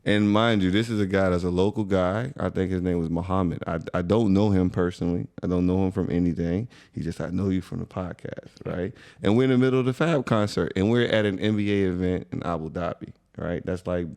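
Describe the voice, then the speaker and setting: Podcast co-host, young American man: very low, gravelly voice, relaxed slangy storyteller. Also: brisk, few pauses. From USA. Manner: laid-back, conversational, slangy. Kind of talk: casual storytelling chat.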